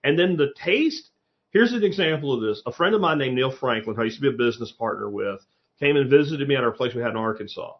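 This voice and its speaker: A man in casual conversation, telling stories with lively energy and the odd curse word. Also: mid-range voice, fast. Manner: animated storyteller, swears casually. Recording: slightly muffled lo-fi audio.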